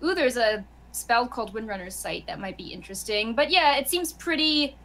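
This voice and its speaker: A young woman co-hosting a game stream, chatty, with quick agreeing interjections. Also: on the high side, animated, fairly bright tone. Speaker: co-host and news writer. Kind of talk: casual stream chat.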